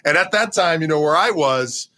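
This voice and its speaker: A man interviewing a musician in a casual chat, relaxed and agreeable, sharing his own stories. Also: a little high, normal speed.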